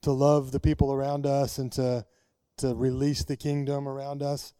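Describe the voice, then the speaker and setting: A man's voice: mid-range voice, flat delivery, normal speed, mellow, clear, resonant tone, dry recording. A man moderating a church panel, talking in an earnest, upbeat way and often repeating words. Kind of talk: casual panel talk.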